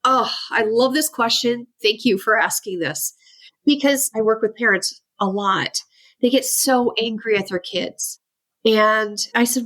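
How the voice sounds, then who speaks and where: A woman guest expert on a parenting interview, talking in a lively way, often laughing and acting out the voices of people she quotes. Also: medium pitch, normal speed. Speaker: guest expert, ADHD coach. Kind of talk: animated interview talk.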